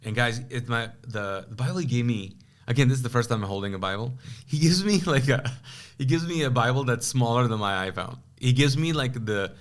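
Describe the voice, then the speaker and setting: A man's voice: mid-range voice, fairly quick, few pauses. A pastor from Kuwait telling his personal testimony as a podcast guest, acting out the voices of both people in an old conversation. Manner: animated, acts out quoted dialogue with many asides.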